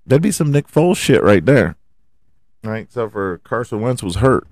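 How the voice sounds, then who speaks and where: A man's voice: medium pitch, big pitch swings, normal speed, a little mellow, no echo. Heated, swearing sports podcast man. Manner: heated, swears constantly, rhetorical questions. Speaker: podcast host. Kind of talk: profane sports rant.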